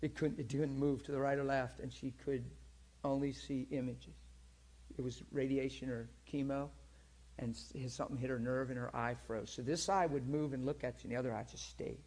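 Husky man preaching with laughing stories. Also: medium pitch, a little fast. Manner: lively, teasing, laughs often, swings from quiet to loud. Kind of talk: sermon storytelling about healings.

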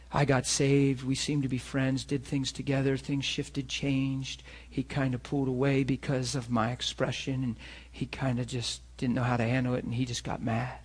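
A pastor preaching a sermon and telling personal stories in an earnest way, sometimes dropping soft and sometimes rising loud. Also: male voice, medium pitch, husky. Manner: earnest storytelling, swings from soft confessional to loud emphatic.

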